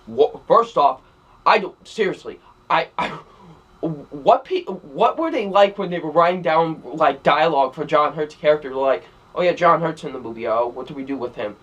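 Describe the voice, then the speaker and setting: A man's voice: on the high side, a bit bright, husky. A young man giving a casual spoken film review, rambling with many fillers and repeated phrases. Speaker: movie reviewer.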